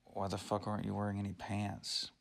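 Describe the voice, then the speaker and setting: A man's voice: fairly low pitch, completely flat delivery, fairly quick, gravelly. A man voicing a bewildered male horse who talks bluntly in a spoken story. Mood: puzzled. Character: puzzled male horse with a long face.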